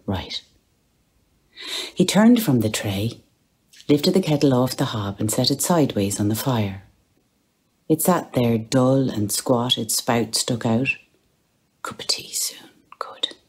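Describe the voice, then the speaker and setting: A woman's voice: extremely low pitch, a little mellow, slightly rough. A woman giving a literary reading, lingering over phrases and dropping to near-whispers. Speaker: reader.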